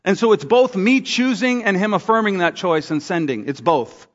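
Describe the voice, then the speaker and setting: Animated pastor in a reverberant hall. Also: male voice, moderate pace. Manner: animated storytelling, acts out quotes with big pitch jumps. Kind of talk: sermon. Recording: dull sound with long hall reverb.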